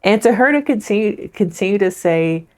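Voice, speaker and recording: A woman's voice: medium pitch, animated, moderate pace. A woman therapist giving a casual, chatty recap of a reality show and talking straight to her viewers. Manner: chatty, addresses viewers directly. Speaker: licensed therapist.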